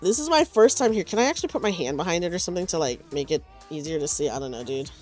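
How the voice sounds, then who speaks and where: A woman streamer chatting casually while knitting at home, sleepy and low on energy, rambling and correcting herself as she goes. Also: lively intonation, rapid-fire, a little mellow, faint music behind. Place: at home on a couch.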